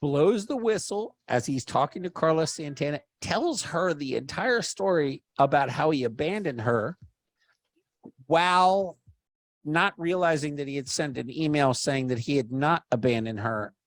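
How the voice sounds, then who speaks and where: A man telling a story in a casual chat, animated, swearing freely and loudly acting out the people he quotes. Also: fairly high pitch, unhurried, no room sound, clean studio sound. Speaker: podcast storyteller.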